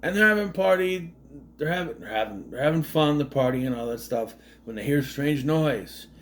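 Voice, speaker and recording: A man's voice: fairly high pitch, expressive, brisk. Rambling man recapping a movie. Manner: rambling, with frequent fillers and restarts; sardonic, questioning asides. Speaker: movie commentary host. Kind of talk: casual spoken movie recap.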